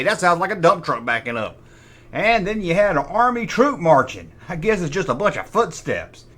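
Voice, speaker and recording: A man's voice: a little high, a bit bright. A middle-aged man hosting a comic toy review. He makes sarcastic asides and imitates sound effects with his mouth. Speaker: toy collector host.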